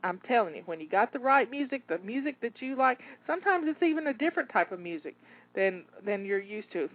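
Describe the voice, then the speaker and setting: Woman, cheerful cleaning coach, somewhat high voice, dry tinny phone-line sound. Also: dry recording. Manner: encouraging, coaxing, repeats words. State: a bit out of breath. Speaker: home organizing coach. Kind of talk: motivational cleaning pep talk.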